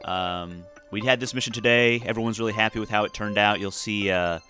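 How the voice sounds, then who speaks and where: A man's voice: lowish voice, fairly even intonation, fairly quick, over music. A tired man casually talking through a space game, rambling with lots of fillers and restarts. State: tired, yawning. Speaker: gameplay commentator. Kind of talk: casual let's-play commentary.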